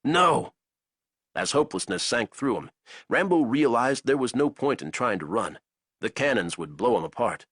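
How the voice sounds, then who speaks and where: A man narrating an action audiobook in a dramatic, expressive way. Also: medium pitch, moderate pace, breathy edge, no room sound, clean studio sound.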